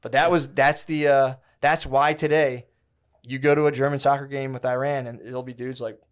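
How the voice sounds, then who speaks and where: A man's voice: medium pitch, flat delivery, moderate pace, clean tone. A man on a podcast telling a long story in casual chat, rambling and slangy, with many restarts. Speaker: podcast co-host.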